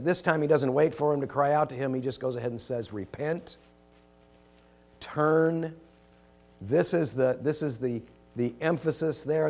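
A man delivering a sermon at a mid pitch, racing through his material with frequent restarts. He swings from loud, emphatic lines to low, quiet asides. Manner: animated, rising to emphatic quotes then dropping low and quiet; hesitant restarts, rushed. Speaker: preacher.

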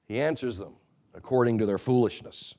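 At a brisk clip, a male pastor gives an earnest, admonishing sermon, rising to emphatic peaks and then dropping into quiet, low asides.

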